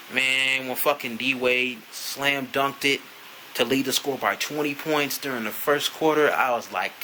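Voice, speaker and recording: A man's voice: medium pitch, moderate pace, sharp tone, slight background noise, low-quality recording. A man ranting casually to camera as a sports fan, profane and rambling, with lots of "you know" fillers.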